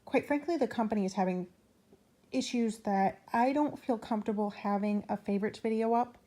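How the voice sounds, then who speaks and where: A woman's voice: mid-range voice, mellow. A young woman chatting casually in a rambling way with fillers and restarts, out of breath and hiccuping. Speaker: planner vlogger. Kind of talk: casual chat.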